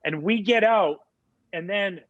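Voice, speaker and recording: A man in his forties, a former ball player guesting on a podcast, telling a story in a lively, casual way with many fillers. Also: sits high, unhurried, dry recording, dull audio.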